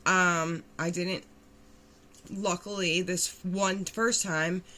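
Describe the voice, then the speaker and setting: Young Philly woman, candid vlog storyteller, bright and punchy, blunt and animated. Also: on the low side, drawn-out words. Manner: blunt, animated retelling with acted-out quotes and swearing. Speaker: vlogger telling her recovery story.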